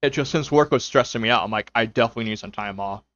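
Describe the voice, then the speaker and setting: Talking at a racing pace, a young man uses a mid-range, slightly bright voice with no room sound. He's streaming from home, rambling loosely with many fillers and quoted self-talk. The lo-fi mic sounds dull, and faint music is audible.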